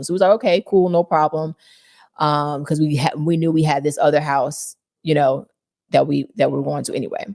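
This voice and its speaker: A woman's voice: low-pitched, dark tone, no room sound, studio quality. A woman co-hosting a podcast, speaking earnestly and reflectively about her faith. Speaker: podcast co-host. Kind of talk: casual reflective storytelling.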